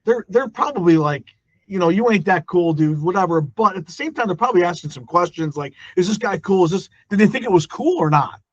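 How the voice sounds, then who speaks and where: A man's voice: sits high, animated, a little fast, no room sound. A man hosting a casual interview, asking eager, chatty questions. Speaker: podcast host. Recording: dull, dry lo-fi sound.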